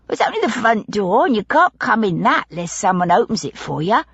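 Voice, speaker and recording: Brief: woman reading as a confiding young maid, raised pitch, broad dialect, husky dull recording. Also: sing-song, fairly quick, fairly bright tone, no echo, exaggerated voice. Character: young gossipy female housemaid, eager and superstitious.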